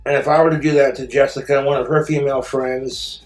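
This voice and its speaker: A man's voice: mid-range voice, fairly even intonation, quick pace, hardly any pauses, darkish tone, reverberant, faint music behind. A man in an angry personal rant, bitter, profane and indignant. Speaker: streamer telling his story.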